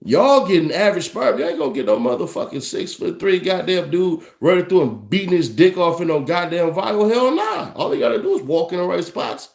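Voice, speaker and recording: A man's voice: on the high side, animated, a little fast, gravelly, few pauses, darkish tone. A young adult man, ranting with profanity and mocking laughs as a commentary host. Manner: brash, mocking, laughs often. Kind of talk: profane rant to camera. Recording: echoey room.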